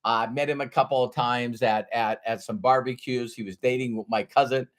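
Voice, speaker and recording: A man giving a motivational business training talk, telling stories and asking rhetorical questions with slow, stressed words. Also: mid-range voice, fairly even intonation.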